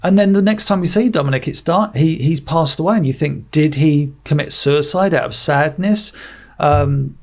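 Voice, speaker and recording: Gravelly, higher-voiced man reviewing a film. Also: normal speed. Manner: rambling, many restarts and fillers; animated retelling of scenes. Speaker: podcast co-host. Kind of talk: casual film review chat.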